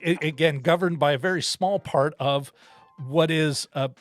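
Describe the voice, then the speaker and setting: A man co-hosting a film-discussion podcast in casual chat, animated and often laughing as he talks. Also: fairly high pitch, normal speed, dry recording. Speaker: podcast co-host.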